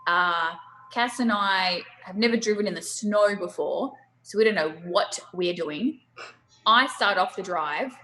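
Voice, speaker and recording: A young woman, telling a lively, laughing anecdote over a video call. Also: mid-range voice, unhurried, rough recording. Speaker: storyteller guest on a video call.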